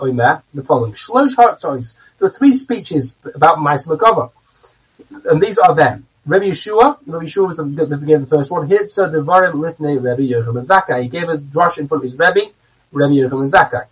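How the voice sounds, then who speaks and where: A man's voice: high-pitched, slightly rough. A man teaching a text, reading each phrase aloud and then translating it, often restarting his words. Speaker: Talmud teacher. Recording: distant, dull, muffled recording.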